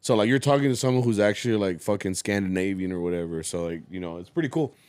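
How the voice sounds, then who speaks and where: A man's voice: fairly low pitch, fast, darkish tone, no echo. A young man co-hosting a podcast, chatting casually and easily, swearing and slipping into Spanish now and then. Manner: laid-back, swearing, slips into Spanish. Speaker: podcast co-host. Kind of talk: casual chat.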